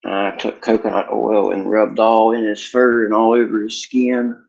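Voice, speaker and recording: A man casually vlogging at home, rambling in a relaxed way about his dog. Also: normal speed, vocal fry. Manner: sing-song, playful chanting with big pitch jumps; talks to his dog in a coaxing voice. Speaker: cannabis vlogger. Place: home room. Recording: dull lo-fi home recording.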